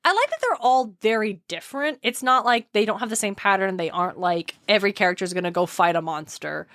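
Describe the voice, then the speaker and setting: A woman co-hosting a podcast, retelling a book in a quick, animated way with frequent laughs. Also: mid-range voice, no room sound, clean studio sound. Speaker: podcast co-host. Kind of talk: casual book discussion.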